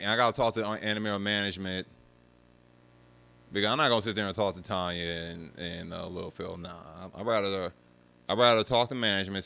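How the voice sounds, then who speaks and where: A young man ranting casually to his viewers, swearing freely and mocking people in an animated way. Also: fairly low pitch, vocal fry, smooth. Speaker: streamer talking about arcade rhythm games.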